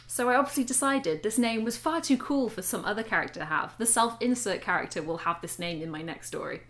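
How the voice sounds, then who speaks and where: A woman's voice: on the high side, brisk, fairly bright tone. A young woman reading her teenage fiction aloud and mocking it with wry, laughing asides. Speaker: vlogger reading her old writing. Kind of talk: casual vlog commentary.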